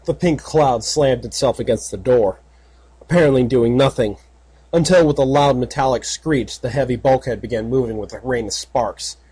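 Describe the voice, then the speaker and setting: A man narrating a fan fiction audiobook in a steady, measured way. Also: medium pitch, breathy edge.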